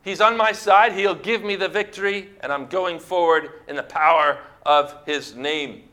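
A man's voice: on the high side, unhurried, pushed and bright. A man preaching a sermon, emphatic and full of rhetorical questions to his congregation.

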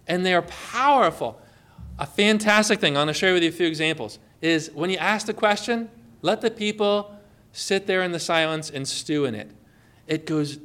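A man with a notably high voice preaches in an easygoing, conversational way. He leans on stories and rhetorical questions to draw the listener in. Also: fairly bright tone. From Connecticut. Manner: storytelling, full of rhetorical questions. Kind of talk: conversational sermon on evangelism.

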